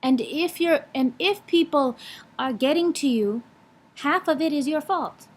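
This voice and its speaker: A woman's voice: high-pitched, unhurried. A young woman vlogging in a blunt, frank way, swearing freely while she lectures and gives advice. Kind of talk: casual vlog talk.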